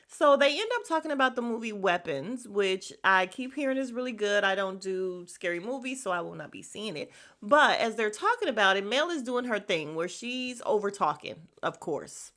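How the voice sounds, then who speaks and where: A woman's voice: mid-range voice, a bit bright. Chatty, opinionated woman recapping a podcast. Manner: candid and opinionated, chatty asides. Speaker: host recapping a podcast episode. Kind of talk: casual recap commentary.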